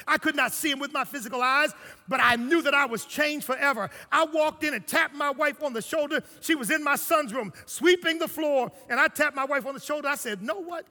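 An older man preaching a sermon, telling his story and swinging between hushed lines and shouts. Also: extremely high pitch, long reverb tail.

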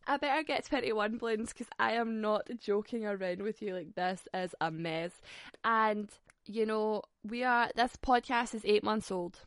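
A woman's voice: medium pitch, fairly even intonation, normal speed, dry recording, studio quality. A woman in her twenties hosting a podcast, chatting frankly and swearing, with frequent laughs. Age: 20s. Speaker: podcast host. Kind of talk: casual solo podcast chat.

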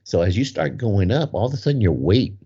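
A man's voice: fairly low pitch, animated, brisk, vocal fry, dark tone, husky. A middle-aged man hosting a podcast, animatedly telling a story and laughing as he goes. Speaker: podcast co-host. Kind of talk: casual storytelling. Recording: muffled lo-fi recording.

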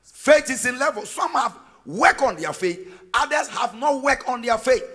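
A man preaching a sermon as pastor, emphatic and sing-song, rising to shouted peaks. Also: extremely high pitch, animated, normal speed, husky. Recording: long reverb of a large hall.

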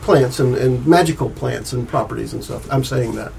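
A man's voice: medium pitch, normal speed, creaky, darkish tone, slight background noise, low-quality recording. A man narrating a tabletop game as game master, rambling with restarts and laughing often.

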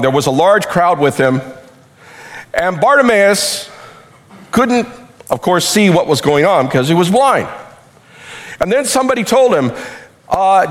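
Animated high-pitched preaching man. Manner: animated preaching, acts out shouts and quotes. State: losing his voice. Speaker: pastor. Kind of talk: sermon.

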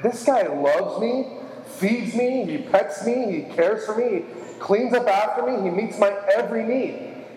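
A man's voice: high voice, animated, unhurried, a little mellow, voice pushed up. A man voicing a contented pet dog that adores its owner, told as a joke in a sermon. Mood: adoring. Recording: reverberant hall.

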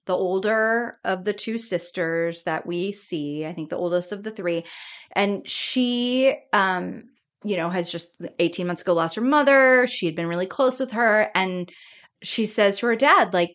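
A woman co-hosting a TV podcast in casual chat, animated and laughing often as she retells scenes. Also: medium pitch, unhurried. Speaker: podcast co-host.

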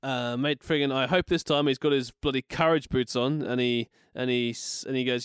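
Jokey, clear-voiced man co-hosting. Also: medium pitch, steady tone, normal speed, hardly any pauses, no room sound, clean studio sound. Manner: jokey, laughs a lot, matey slang. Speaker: podcast co-host. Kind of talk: casual chat.

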